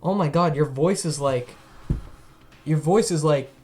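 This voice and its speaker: A man's voice: a little high, measured pace, a little mellow. A young man streaming a video game, chatting casually and bursting into outraged protests at it. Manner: reactive, outraged bursts, swearing. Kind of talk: gaming livestream commentary.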